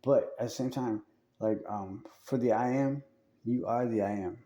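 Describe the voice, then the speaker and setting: A man's voice: mid-range voice, moderate pace, warm tone, muffled recording. A man talking in a casual, rambling monologue, profane and full of fillers and restarts.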